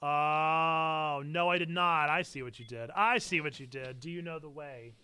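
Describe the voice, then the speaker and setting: A man giving live commentary while he plays a video game on stream, excitable and quick to break into shouts at what happens in the game. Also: fairly high pitch, clean tone, no room sound. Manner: excitable, bursts into shouting over game events. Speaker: church gaming streamer.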